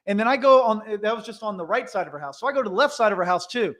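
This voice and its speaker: High-voiced man telling stories. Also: rapid-fire. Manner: animated, chatty, with restarts and asides. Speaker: Christmas light installation business owner. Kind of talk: casual storytelling to viewers.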